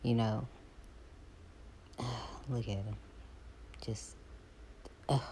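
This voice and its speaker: A woman, chatting casually to her viewers while doing her hair, animated as she retells her calls. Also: extremely low pitch, extremely slow, slight background noise. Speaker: vlogger.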